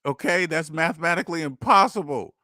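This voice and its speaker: A man hosting a casual monologue, animated and laughing, acting out mock voices and firing rhetorical questions. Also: a little high, a little fast, dry recording, clean studio sound. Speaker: host.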